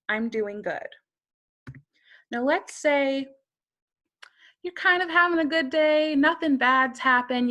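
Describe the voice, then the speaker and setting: A woman's voice: high voice, bright, forceful tone. A woman teaching a beginner Spanish lesson, carefully modeling each phrase and quizzing the listener.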